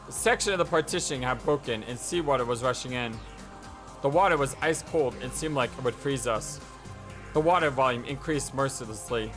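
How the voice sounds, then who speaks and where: A let's play host reading a visual novel aloud and reacting in an excitable, stammering way. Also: male voice, mid-range voice, brisk, faint music behind.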